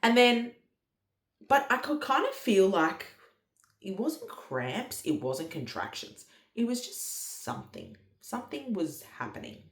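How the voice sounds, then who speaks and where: A woman casually telling her birth story, candid and swearing, acting out her own past lines. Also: fairly high pitch. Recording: echoey room.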